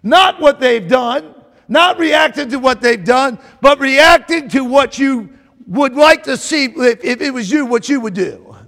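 A male preacher with a strikingly high voice delivers a sermon, circling back on his own phrases and calling out to the congregation. His words ring out with a long echo through a large church hall, and he builds to shouting at the peaks. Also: lively intonation, unhurried. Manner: repeats phrases and calls out to the congregation; rises to shouting at climaxes. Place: church sanctuary.

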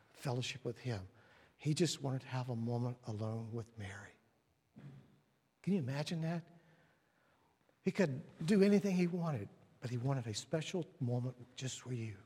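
Man preaching, husky voice, drops to a whisper then booms, long hall echo. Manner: swings from hushed whispers to loud emphatic lines; storytelling, acts out quoted voices. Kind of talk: sermon. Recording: long reverb of a large hall.

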